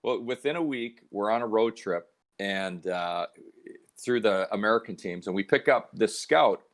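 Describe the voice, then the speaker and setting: Man, middle-aged, from canada, lowish voice, lively storyteller, casual podcast guest. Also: moderate pace. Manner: animated storyteller, acts out quoted voices. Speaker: guest hockey analyst.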